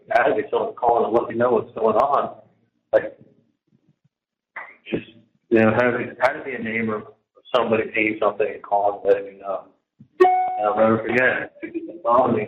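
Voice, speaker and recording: Man on a jail call, medium pitch, rambling and halting with many restarts, heard through a tinny, echoey phone line with faint hiss. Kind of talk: casual phone conversation. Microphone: phone handset.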